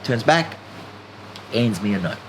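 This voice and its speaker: A man telling a story in an animated, emphatic way as a podcast guest. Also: fairly low pitch, unhurried, slight background noise. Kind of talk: casual storytelling chat.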